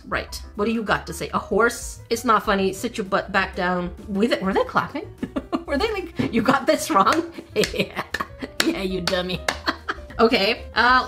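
A woman's voice: on the high side, fairly bright tone. A woman, a former teacher, giving playful let's-play commentary, laughing often and scolding game characters. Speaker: gaming channel host.

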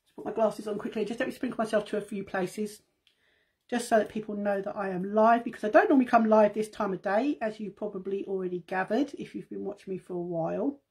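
A middle-aged woman hosts a casual live stream from her phone at home. Her voice is husky and a little breathy. She chats in a loose, rambling way full of asides and keeps calling her viewers guys. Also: mid-range voice, fairly even intonation, fast, a little mellow. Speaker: makeup seller and host.

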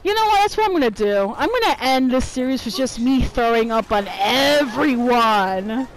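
A gameplay streamer with a slightly high, expressive voice delivers profane, irritated live commentary at a moderate pace while trash-talking her opponents in a video game. The recording quality is low.

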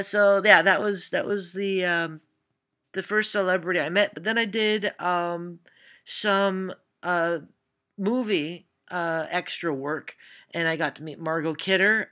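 In a casual vlog, a Canadian-accented woman rambles through answers to viewer questions, using lots of "uh" fillers and self-deprecating asides. Her voice sits on the low side and has a sharp tone.

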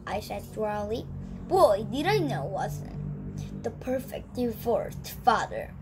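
Halting child reading a storybook aloud. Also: medium pitch, noisy background. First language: Korean. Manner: halting, repeats and corrects words while reading. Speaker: young English learner.

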